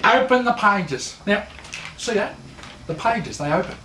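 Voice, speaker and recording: Sarcastic Australian man, high voice. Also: animated, unhurried, sharp tone, echoey room, a little hiss or hum. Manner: sarcastic, mocking, lecturing. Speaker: mock instructor. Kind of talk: satirical comedy lecture.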